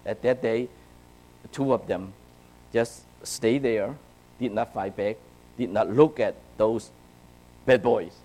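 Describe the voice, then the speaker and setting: A man from China preaching to young people, telling a personal story with animated swings between hushed and loud, often checking in with "right?" and "okay?". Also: fairly low pitch, slow pace, pauses often, low-quality recording. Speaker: youth speaker.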